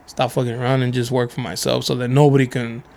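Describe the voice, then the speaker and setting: A man co-hosting a podcast, telling stories in a loose, swearing, laughing way, his voice a bit deeper from covid. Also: fast talker, creaky. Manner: animated, swearing, laughs often, mimics people in stories. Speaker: podcast co-host. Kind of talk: casual chat, storytelling.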